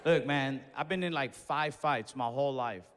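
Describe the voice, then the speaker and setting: A young man doing stand-up comedy, telling a story in casual slangy talk and breaking into loud acted-out yells. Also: mid-range voice, normal speed, slight background noise. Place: comedy stage in a large venue. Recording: live show in a reverberant hall with audience.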